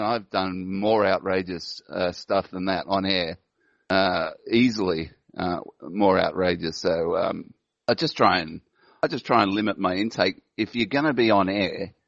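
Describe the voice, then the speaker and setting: A man's voice: sits low, moderate pace, vocal fry, dry recording, muffled recording. A man hosting a casual online chat show, talking in a rambling way and laughing often. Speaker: host.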